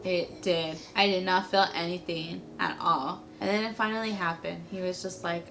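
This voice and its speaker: Chatty young woman with vocal fry. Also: fairly low pitch, steady tone, moderate pace, few pauses, a bit bright, a little hiss or hum. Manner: chatty, leans heavily on "like" fillers. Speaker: vlogger. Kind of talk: casual storytelling to camera.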